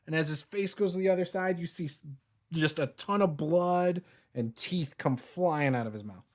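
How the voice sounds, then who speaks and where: A man's voice: fairly high pitch, moderate pace. A man narrating a tabletop game as game master, vivid and cinematic, laughing often.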